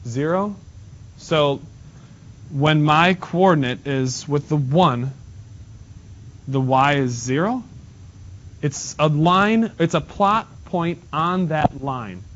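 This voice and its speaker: A male math teacher teaching in a classroom, quizzing students and repeating key points in a brisk way. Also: a little high, a bit bright. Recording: dull lo-fi classroom recording with noise.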